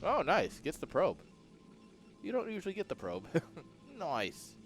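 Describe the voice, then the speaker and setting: A man casting a strategy game match in a relaxed, jokey play-by-play style, chuckling often. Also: a little high, a little slow, soft background music. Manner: laid-back, chuckling, jokey. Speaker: esports caster. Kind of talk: casual play-by-play commentary.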